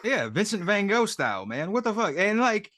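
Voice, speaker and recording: Lively, joking man on a dry mic. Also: sits high, moderate pace, no echo. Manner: joking, crude asides. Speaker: podcast co-host. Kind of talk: casual profane chat.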